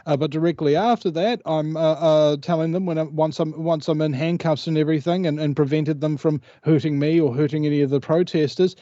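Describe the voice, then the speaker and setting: A man's voice: fairly high pitch, fairly even intonation, moderate pace, mellow, dry recording. New man, dull lo-fi call. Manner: rambling storyteller, many hesitations. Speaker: guest. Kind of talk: casual interview chat.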